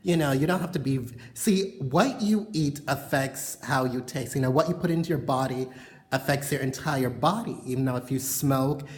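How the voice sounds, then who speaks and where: A woman's voice: rumbling low, normal speed, a little mellow. Woman vlogger, bedroom chat to camera, frank and rambling, lots of fillers. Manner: frank, rambling, heavy on "you know" fillers. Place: bedroom at home.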